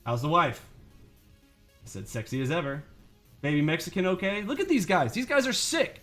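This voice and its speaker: A man's voice: sits high, wildly swooping pitch, normal speed, fairly bright tone, faint music behind. A man hosting a trading channel, ranting to his viewers in an indignant, sarcastic and profane way. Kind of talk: angry rant to viewers.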